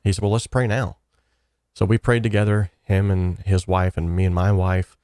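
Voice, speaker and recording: Man, low deep voice, animated storytelling, voices quoted people, dry close sound. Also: normal speed, smooth, no room sound. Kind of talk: personal storytelling.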